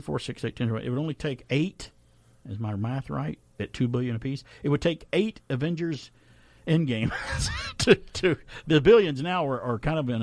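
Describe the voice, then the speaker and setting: A man hosting a radio show, chatting casually through trivia numbers in an animated way and laughing often. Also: mid-range voice, dry recording. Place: radio studio. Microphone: studio microphone.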